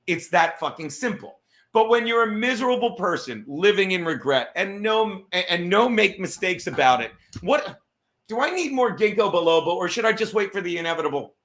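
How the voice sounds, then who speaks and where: A man's voice: sits high, a bit bright. A middle-aged man hosting a comedy podcast, rambling through a profane monologue with frequent restarts. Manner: fast, rambling, swears a lot, restarts mid-thought.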